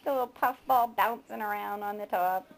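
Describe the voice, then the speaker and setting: A woman's voice: mid-range voice, normal speed, creaky. A woman filming a baby at home and coaxing it in sing-song baby talk.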